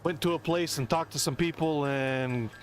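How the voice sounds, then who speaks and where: A man's voice: a little high, normal speed, faint music behind. An American man streaming a game, rambling and musing as he explains things at length. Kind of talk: casual rambling commentary.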